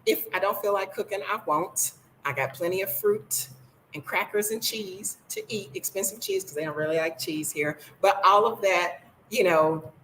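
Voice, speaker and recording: A woman's voice: fairly low pitch, a bit bright, a little hiss or hum, rough recording. An older woman from the United States, blunt and sassy, chatting casually in a vlog from her home. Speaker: vlogger.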